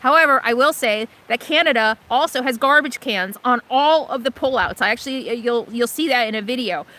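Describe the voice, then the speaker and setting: A woman's voice: sits high, sharp tone. A middle-aged woman hosting a casual live stream, chatting with viewers, thanking donors and answering questions with many fillers and restarts. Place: inside an RV or vehicle.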